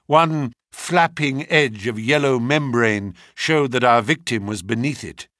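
A man giving a scripted narration of a classic detective story, telling it in the first person in an expressive, dramatic way. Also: medium pitch, a little slow, no room sound, clean studio sound. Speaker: audiobook reader.

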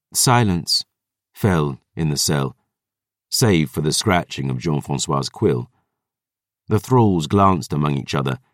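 A man reading a dark fantasy audiobook in a measured, dramatic way, close to the mic. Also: very deep voice, no echo. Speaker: audiobook narrator. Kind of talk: scripted narration.

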